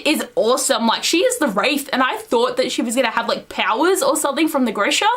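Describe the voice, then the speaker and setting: A young woman reviewing a book in a casual, gushing and rambling way, full of fillers and excited outbursts. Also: high-pitched, fast. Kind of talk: casual chat.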